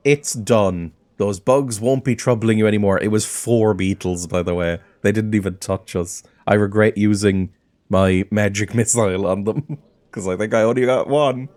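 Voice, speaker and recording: A gaming video host gives casual let's-play commentary on a game he's playing, chatty and often giggling. His voice is fairly low, a little mellow, at a normal speed.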